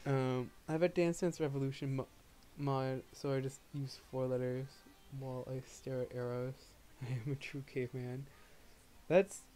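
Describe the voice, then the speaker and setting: A man's voice: medium pitch, a little mellow. A young man streaming live, chatting casually and rambling, often restarting his sentences. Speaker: livestreamer. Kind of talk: casual livestream chat.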